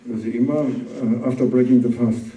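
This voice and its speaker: A man giving an informal sermon as a sheikh, speaking in a plain, halting way and repeating words for emphasis. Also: medium pitch, steady tone, muffled recording, noisy background. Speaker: sheikh teaching a religious talk. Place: gathering room at a summer camp. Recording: roomy room, distant mic.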